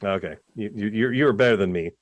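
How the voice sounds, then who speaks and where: A man's voice: fairly low pitch, fairly quick, no room sound. A man co-hosting a podcast in casual chat, talking about himself in a self-deprecating way with frequent restarts, over a home microphone. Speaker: podcast co-host. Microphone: home podcast mic, remote.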